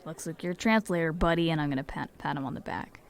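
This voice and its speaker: A woman's voice: deep voice, fast. A woman playing a tabletop role-playing game, playful and casual, saying "like" often. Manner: playful, says "like" a lot. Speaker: player.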